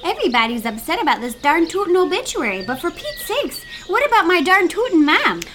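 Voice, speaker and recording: A woman playing a high, folksy Minnesota daughter. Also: sing-song, brisk, noisy background. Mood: aggrieved. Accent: Upper Midwest.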